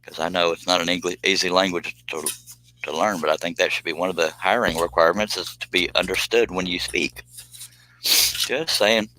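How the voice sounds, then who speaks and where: A man's voice: deep voice, fairly even intonation, normal speed, bright, forceful tone, low-quality recording. A man from the United States, chatting casually with viewers on a live stream, joking and rambling off on tangents. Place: home streaming space.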